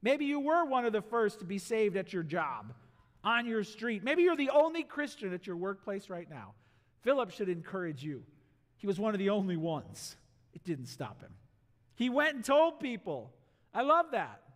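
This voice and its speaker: A male pastor preaching a sermon in a church, animated, asking the congregation questions and acting out voices. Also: high voice, normal speed. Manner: animated, acts out voices and asks the crowd rhetorical questions. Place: church sanctuary. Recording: long hall reverb in a church.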